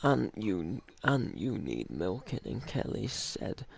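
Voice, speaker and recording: A man's voice: lowish voice, big pitch swings, takes it slowly, vocal fry, a little mellow, breathy edge. A man running a livestream and trading crude, mocking banter. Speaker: streamer.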